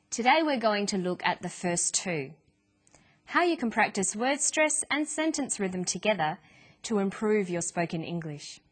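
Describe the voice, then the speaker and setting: A woman narrating a scripted English pronunciation lesson in a clear, measured way. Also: medium pitch. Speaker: English teacher.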